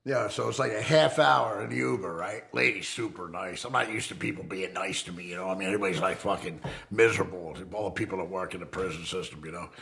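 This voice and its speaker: Gravelly profane middle-aged man. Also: low voice, fast, few pauses. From United States. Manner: profane, animated, acts out quoted voices. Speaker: ex-convict telling his life story. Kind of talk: casual storytelling.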